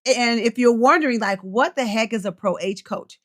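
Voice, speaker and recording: A woman's voice: a little high, normal speed, a bit bright. A middle-aged woman coaching and hosting a casual livestream, chatting freely, reading out viewer comments and laughing often.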